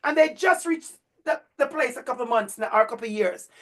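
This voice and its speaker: A man's voice: very high-pitched, lively intonation, fairly quick, a bit bright. A man with a Jamaican accent giving a university lecture to a cohort of future teachers. He drives points home with emphatic, preacher-like repetition.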